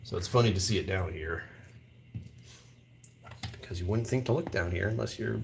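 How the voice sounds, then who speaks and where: A man's voice: deep voice, normal speed, gravelly, slight background noise. A man hosting a casual live vlog from a whiskey store aisle, thinking aloud and laughing often. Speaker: whiskey channel host.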